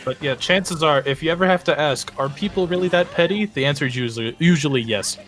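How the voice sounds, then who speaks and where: A man's voice: fairly high pitch, quick pace, a bit bright, faint music behind. A man chatting on a game stream, wry and joking. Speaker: co-host on a stream. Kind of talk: casual chat.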